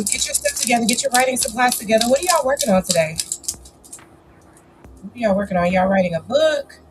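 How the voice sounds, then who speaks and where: A woman's voice: on the high side, poor audio. Sniffly, chatty woman hosting a live stream. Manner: chatty, playful, encouraging with lots of "y'all" and "child". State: sniffly, coming down with a cold. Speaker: host of a live writing session. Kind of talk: casual live-stream chat.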